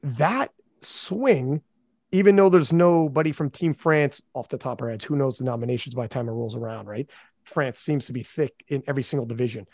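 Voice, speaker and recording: A man hosting a casual podcast chat, animated and quick with asides. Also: mid-range voice, dry recording, clean studio sound. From Canada. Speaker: podcast host.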